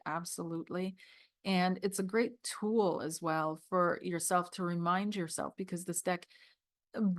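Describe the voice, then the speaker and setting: A woman's voice: fairly low pitch, no echo, clean studio sound. A woman reviewing a tarot deck, reading scripture passages aloud and talking with emotional, tearful awe. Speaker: tarot reader.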